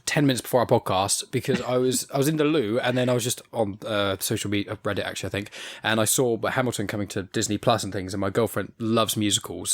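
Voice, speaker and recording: A man's voice: fairly low pitch, no echo. Easygoing English man hosting a podcast. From England. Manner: easygoing, laughs often, rambling. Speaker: podcast host. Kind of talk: casual podcast chat.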